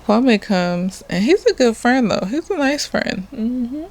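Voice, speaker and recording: A slightly tipsy woman talks through a TV episode in a loose, rambling recap. She swears freely and talks in a relaxed, offhand way. She sounds like a therapist chatting at home rather than giving a formal review. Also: fairly high pitch, takes it slowly. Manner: rambling, profane, laughs often.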